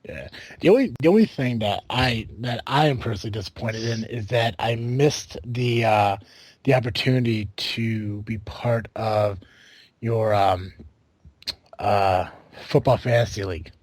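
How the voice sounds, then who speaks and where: A man's voice: fairly low pitch, unhurried, darkish tone, no room sound. A man from the United States hosting a casual podcast, rambling with lots of fillers and restarts. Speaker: podcast host.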